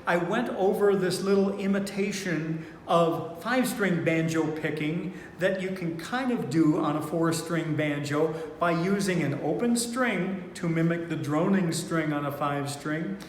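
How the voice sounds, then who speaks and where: A man teaching four-string banjo in a relaxed, unhurried way, thinking aloud with fillers as he plays. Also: a little high, a little hiss or hum. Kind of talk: relaxed online music lesson. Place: indoor room, playing banjo while talking. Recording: echoey room with long reverb, banjo playing behind.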